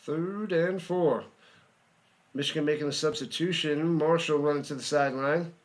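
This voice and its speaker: A man's voice: a little high, steady tone, moderate pace. A man giving live play-by-play commentary, chatty, humming and joking between plays and rising on big ones.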